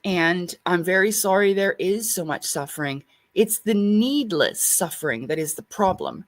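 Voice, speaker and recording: A woman's voice: on the low side, lively intonation, normal speed. Earnest woman musing on spirituality. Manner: earnest, reflective. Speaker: guest. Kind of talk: casual spiritual discussion.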